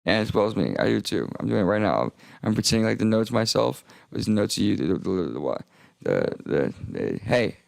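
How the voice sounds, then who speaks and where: A young man streaming a rambling, profane monologue with heavy vocal fry, often stopping and restarting mid-sentence. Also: fairly low pitch, very animated, fairly quick, a little mellow, no echo. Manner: rambling, profane, self-interrupting.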